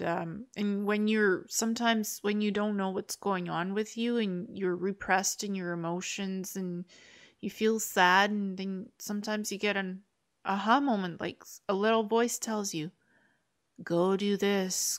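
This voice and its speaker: An earnest, upbeat woman hosting a conversational interview about spirituality. She speaks at a mid pitch with a plain everyday tone, and sometimes slips into short acted voices to make her point. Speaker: host.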